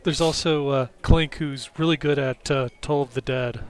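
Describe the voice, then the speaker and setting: A man's voice: mid-range voice, fairly even intonation, moderate pace, clean tone. A man playing in a tabletop game over a call, joking and chatty. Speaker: player.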